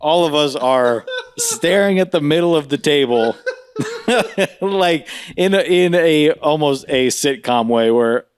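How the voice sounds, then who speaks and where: A man's voice: takes it slowly, clean tone, no echo. A man co-hosting a podcast, telling a funny story in casual chat, laughing often and mimicking voices. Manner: animated, laughs often, mimics voices with big pitch jumps. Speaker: podcast co-host.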